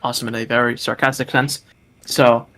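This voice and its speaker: A man's voice: mid-range voice, flat delivery, brisk, fairly bright tone. A man co-hosting a casual podcast chat, giggly and rambling with stammering restarts. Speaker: podcast co-host.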